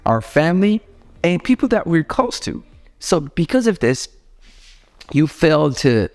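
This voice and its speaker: A man's voice: medium pitch, darkish tone. Chatty Ethiopian-accented man teaching English. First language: not English. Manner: chatty, rambling, asks viewers questions. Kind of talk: casual spoken lesson.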